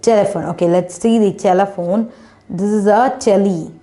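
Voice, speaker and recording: Speaking at normal speed in a dark, mid-range voice, a woman leads a children's phonics lesson and spells each word one letter at a time. She uses non-native grammar and keeps asking "isn't it?"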